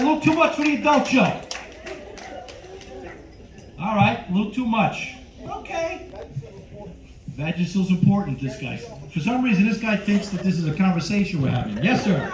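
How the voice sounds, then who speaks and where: An older man performing a stand-up comedy set, animated and teasing the crowd from a club stage on a handheld mic. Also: high voice. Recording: echoey club room, slightly dull.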